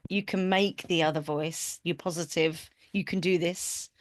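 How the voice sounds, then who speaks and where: A woman's voice: fairly low pitch, steady tone, measured pace. A woman guest on a podcast, talking earnestly and reflectively in casual chat.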